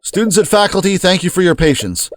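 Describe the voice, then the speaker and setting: A man's voice: sits high, very animated, fast, dry recording, clean studio sound. A man voicing a male school headmaster reading a formal announcement.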